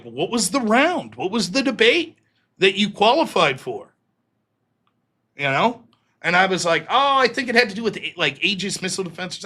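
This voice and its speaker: A man in his thirties hosting a live stream, telling a long personal story with lots of swearing and acted-out quotes. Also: fairly high pitch. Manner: profane, animated storyteller acting out quoted voices. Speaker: host.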